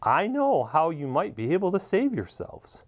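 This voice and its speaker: A man's voice: a little high, wildly swooping pitch, moderate pace, pitched above the performer's own voice. A man doing a mysterious voice from the ground. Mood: teasing. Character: mysterious hidden prince's voice, calm and knowing. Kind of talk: read-aloud storybook voice.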